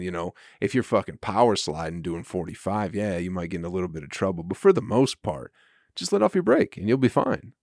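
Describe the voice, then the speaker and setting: Male comedian-podcaster, lower register, swearing casual rant, dry close-miked sound. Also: no room sound. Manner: profane, chuckling, conversational. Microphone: podcast microphone.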